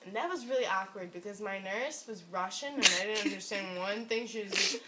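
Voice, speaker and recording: A young woman casually telling a funny story in a vlog, giggling and animated as she goes. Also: mid-range voice, a little fast, heavy background noise. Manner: giggly, animated, laughs through her story. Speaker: vlogger.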